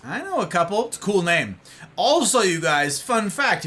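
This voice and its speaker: A man's voice: high-pitched, sing-song, a little slow, sharp tone. A young man chatting casually with his live-stream viewers, playful and theatrical, with old-fashioned turns of phrase.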